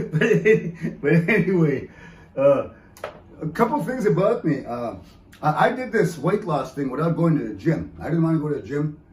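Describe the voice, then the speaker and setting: A man's voice: fairly high pitch, very animated, moderate pace, darkish tone, a little hiss or hum. A man doing a joking stand-up comedy set in an event hall, often slipping into teasing mock voices. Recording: echoey room heard from a distance.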